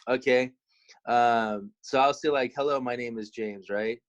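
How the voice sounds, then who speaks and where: A man in his thirties in casual podcast chat, relaxed and rambling with many fillers. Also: medium pitch, measured pace, lo-fi sound. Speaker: podcast co-host.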